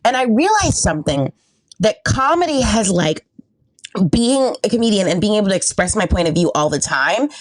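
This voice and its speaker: Animated woman telling a funny story. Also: mid-range voice, moderate pace, no room sound, rough recording. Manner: animated, acts out voices, laughs often. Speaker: podcast guest comedian. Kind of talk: casual storytelling chat.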